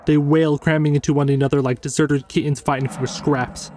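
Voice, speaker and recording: A man reading a first-person horror story as scripted narration, measured and tense. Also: on the high side, flat delivery.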